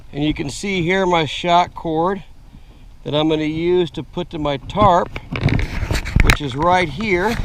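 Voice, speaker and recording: A man with a slightly rough voice, slowly explaining a camping gear setup step by step, outdoors on a camera mic. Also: a little high, slight background noise. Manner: slow, plain step-by-step explaining with fillers. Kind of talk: casual how-to demonstration. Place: outdoors in woods.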